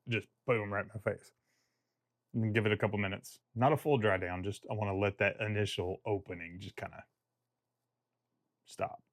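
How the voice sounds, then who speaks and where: A man's voice: medium pitch, a bit bright, dry recording, clean studio sound. A man giving a casual fragrance review vlog. He talks in a chatty, rambling way and jokes at his own expense.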